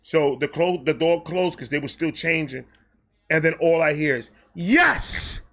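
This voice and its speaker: A man telling a comedic personal story as host, animated and profane, acting out quotes along the way. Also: fairly high pitch, moderate pace.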